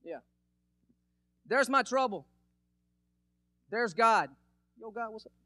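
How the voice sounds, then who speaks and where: Preacher guy w a really high bright voice, keeps calling on the church, dry sound. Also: takes it slowly, dry recording. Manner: energetic, calls out to congregation. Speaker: pastor. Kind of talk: sermon.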